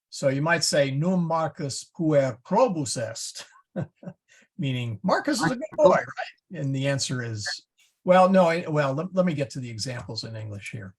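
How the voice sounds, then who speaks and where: A man teaching a Latin class over a video call, halting and explaining patiently with many restarts. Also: on the high side, husky.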